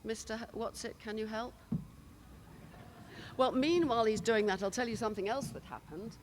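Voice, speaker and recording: A woman's voice: a little high, normal speed. Older british woman, conference talk, handheld mic, storytelling, chatty asides, faint background noise. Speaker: conference panelist. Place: conference hall stage. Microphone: handheld microphone.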